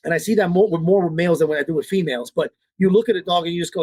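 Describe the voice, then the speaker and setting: Guest: man, dog trainer. High-pitched, husky voice, dry close sound. Blunt, profane, repeats himself. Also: fast talker, hardly any pauses, darkish tone, no echo. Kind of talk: casual interview talk.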